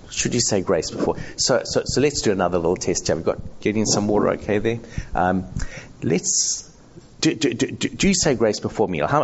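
A man's voice: on the low side, gravelly, background noise. A man teaching ethics to a live audience in a conversational way, polling the room and acting out quoted voices. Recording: dull lo-fi sound.

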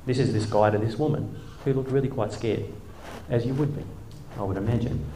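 A man's voice: medium pitch, brisk, dark tone, a little hiss or hum. Middle-aged man, wry self-deprecating storyteller on stage, echoey hall. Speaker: speaker, former church leader. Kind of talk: humorous storytelling talk. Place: hall with a live audience.

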